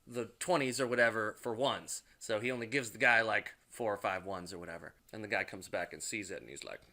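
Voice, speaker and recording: Bright-voiced man rambling through a recap. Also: lowish voice, a little fast. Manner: rambling, loose, with lots of "like" and swearing. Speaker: movie reviewer. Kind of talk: casual, profane movie plot recap.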